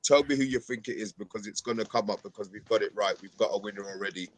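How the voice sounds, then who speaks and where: A man's voice: on the low side, quick pace, no echo. A man co-hosting a casual chat, often stumbling and repeating words. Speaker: co-host.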